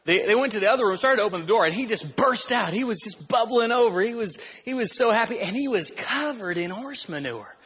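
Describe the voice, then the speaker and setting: A pastor preaching a sermon in a conversational, storytelling way with rhetorical questions. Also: male voice, high-pitched, animated, fast talker, hardly any pauses, slightly rough. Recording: muffled sound in a reverberant hall.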